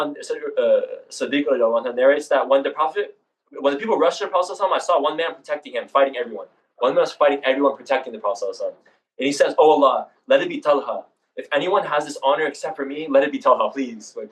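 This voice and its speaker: A young man leading a student discussion, retelling history in a rushed, casual way with many restarts. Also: mid-range voice, distant mic, rough recording. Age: young adult. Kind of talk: informal religious history talk.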